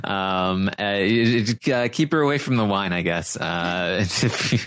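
A man's voice: lowish voice, lively intonation, measured pace, a bit bright, clear, resonant tone, no room sound. A man co-hosting a podcast, casually recapping a reality show with lots of fillers and quoted voices. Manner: laid-back, many fillers, mimics quotes. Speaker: podcast co-host.

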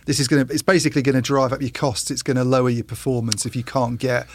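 A man's voice: medium pitch, level tone, fast, no echo. A man as a podcast guest, talking through tech topics hesitantly with restarts. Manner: hesitant, restarts, thinks aloud. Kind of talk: casual podcast chat about tech.

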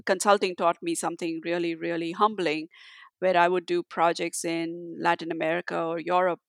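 Woman guest chatting, clean smooth voice, dry close mic, lots of ums and restarts. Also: lowish voice, level tone, no room sound. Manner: halting, many restarts and fillers. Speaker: guest, tech leader. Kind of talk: conversational interview answer.

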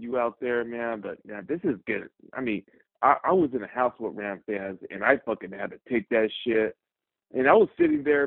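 A man's voice: mid-range voice, gravelly, no echo. A man from Fresno, California, calling in to a sports radio show, angry and swearing as he rants. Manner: angry, profane, agitated ranting. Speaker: caller. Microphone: phone. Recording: tinny phone line.

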